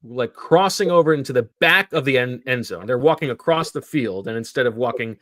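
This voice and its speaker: A man hosting a sports podcast in casual chat, telling stories in an animated way. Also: medium pitch, a little fast, no echo. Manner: animated storyteller.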